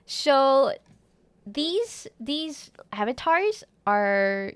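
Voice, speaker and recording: A woman's voice: mid-range voice, dry recording. A woman streamer chatting casually with her viewers in a rambling, giggly way, reading chat aloud and humming now and then.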